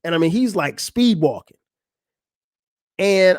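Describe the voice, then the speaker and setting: A man's voice: high voice, slow pace, no room sound, studio quality. A man hosting a podcast, telling a funny story in a casual, profane way and acting out what other people said. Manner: animated, profane, acts out other people's lines. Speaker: podcast host. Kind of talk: storytelling monologue.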